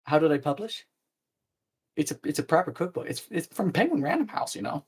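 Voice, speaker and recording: A man hosting a live baking stream, chatting playfully with viewers, trailing off and restarting, with sudden high squeals. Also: sing-song, brisk, husky, low-quality recording. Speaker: baking show host.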